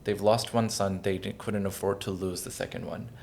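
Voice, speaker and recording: A man's voice: low voice, fairly even intonation, moderate pace, gravelly, a little mellow, slight background noise. A man in his thirties, a podcast guest, telling a personal story in an earnest, emotional, reflective way. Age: 30s.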